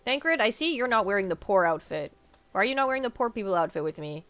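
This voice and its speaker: Woman, casual gaming commentary, joking, rambling, mid pitch, dry. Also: sing-song, quick pace, a bit bright, no room sound. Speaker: game streamer.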